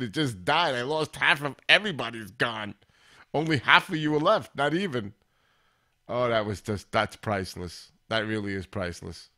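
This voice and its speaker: A man's voice: medium pitch, a bit bright. Chatty man hosting a live stream. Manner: chatty, talks straight to viewers in chat. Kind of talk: casual live-stream chat.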